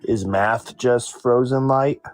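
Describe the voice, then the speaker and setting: A man chatting casually on a live panel, relaxed and joking as he signs off. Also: medium pitch, slow pace, faint music behind.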